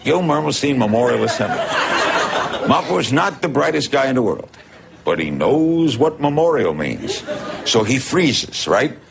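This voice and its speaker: Older New York man, gravelly, animated anecdote teller. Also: medium pitch, measured pace, background noise. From New York City. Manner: animated storytelling, laughing often. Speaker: storyteller. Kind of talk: comic anecdote, archive clip.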